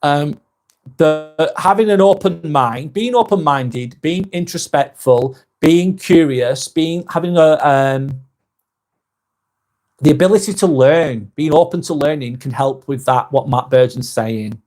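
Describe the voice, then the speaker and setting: A man with a Lancashire accent chats on his live vlog and reads out viewer comments. He is blunt and emphatic and swears freely, in a voice pitched a touch high. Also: unhurried, darkish tone. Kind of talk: live-stream chat, reading viewer comments.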